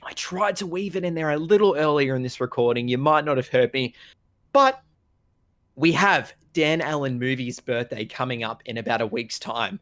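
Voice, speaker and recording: A man's voice: medium pitch, animated, normal speed, fairly bright tone, dry recording, studio quality. A man co-hosting a film podcast, chatting casually and rattling off playful plugs for the show. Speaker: podcast co-host.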